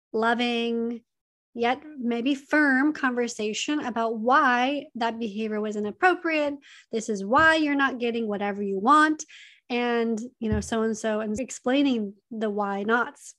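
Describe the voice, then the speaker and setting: Woman, advice talk to camera, earnest and chatty, repeats points, voice a touch high. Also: unhurried, fairly bright tone. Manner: earnest, repeats key points, conversational fillers. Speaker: advice speaker on emotional abuse.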